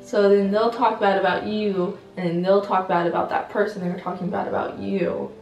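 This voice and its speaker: A shy teenage girl co-hosting a casual sit-down chat, soft-spoken and hesitant, full of fillers. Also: mid-range voice, little pitch movement, moderate pace, dull audio. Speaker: channel co-host. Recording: roomy sound, mic at a distance, faint music.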